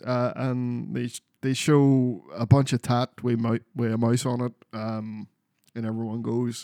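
A man's voice: mid-range voice, fairly even intonation, a little slow, a little mellow, no echo, clean studio sound. A man chatting casually about video games as a podcast co-host, rambling and swearing freely. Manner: sweary, rambling, restarts a lot.

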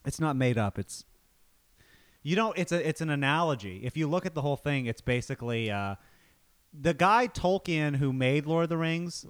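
A man's voice: a little high, lively intonation. A man co-hosting a podcast, joking and teasing in casual banter. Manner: fast, joking, playfully mocking. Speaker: podcast co-host.

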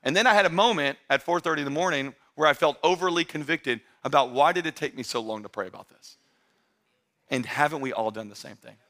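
High, bright-voiced energetic pastor man. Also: fast talker. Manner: emphatic, rising to shouts of excitement; conversational, addresses the congregation directly. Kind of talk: sermon.

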